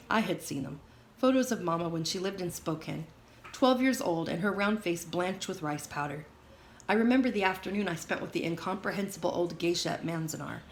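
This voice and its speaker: A woman reading a memoir aloud in a steady, measured way. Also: fairly low pitch. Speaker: audiobook reader. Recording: roomy echo, faint hiss.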